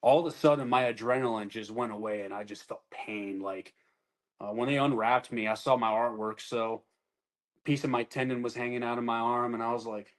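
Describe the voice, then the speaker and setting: A man's voice: medium pitch, steady tone, fairly quick, poor audio. Brief: male veteran, blunt storyteller, swears freely, casual interview delivery. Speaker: army veteran telling his story.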